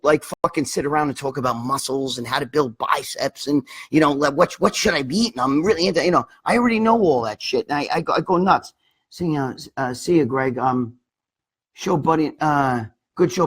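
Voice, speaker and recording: A middle-aged man with a fairly high, husky voice hosts a casual live stream. He rambles through viewer questions in a blunt, profane way, calling out commenters by name. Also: fairly bright tone. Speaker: livestream host answering viewer questions.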